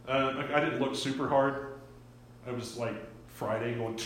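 In a church sanctuary, a man delivers a sermon as pastor, talking in a conversational way, restarting his words often and putting questions to the congregation. His mid-range voice is slightly bright with fairly even intonation and a normal pace; the audio is roomy with a little hiss or hum.

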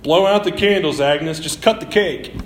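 A man doing a gruff diner cook. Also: on the high side, normal speed, a little hiss or hum, natural voice. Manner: gruff, blunt, mumbling. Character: gruff middle-aged male diner cook. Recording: roomy echo.

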